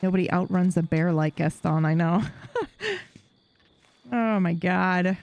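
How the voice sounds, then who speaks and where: A woman's voice: lowish voice, steady tone, a little slow, a little mellow. A woman streamer chatting casually with her live audience while playing a game, swearing freely and laughing often.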